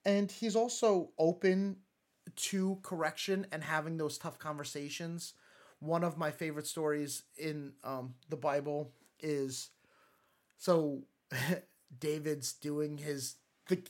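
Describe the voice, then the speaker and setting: A man's voice: a little high, steady tone, slow. A man giving a casual, conversational sermon talk, retelling Bible stories with lots of fillers and acted-out quotes. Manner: conversational, many fillers and restarts, acts out quotes. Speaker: church speaker.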